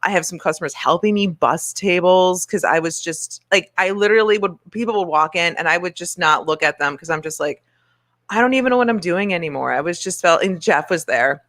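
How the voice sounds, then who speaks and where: A woman co-hosting a casual chat show, telling a lively story and acting out what people said. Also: lowish voice, brisk, few pauses, no echo. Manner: animated storytelling, acts out quotes. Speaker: co-host, bar worker.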